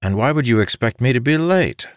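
A man voicing a calm, reassuring young male mage in a fantasy audiobook. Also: medium pitch, a little fast, clean tone, dry recording, studio quality, voice pushed up, close to an everyday voice.

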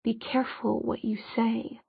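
A woman's voice: a little high, flat delivery, normal speed, creaky, breathy edge, dry recording, heavily acted. A woman narrator voicing a mocking, sardonic young male villain. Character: mocking cold young man, smooth villain. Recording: dull lo-fi audiobook recording.

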